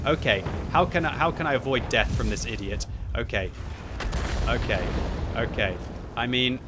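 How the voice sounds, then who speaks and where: A man giving live gameplay commentary at home, thinking aloud and breaking into loud frustrated yelling. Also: mid-range voice, normal speed. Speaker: gaming video host. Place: upstairs room at home. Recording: steady game noise behind the voice.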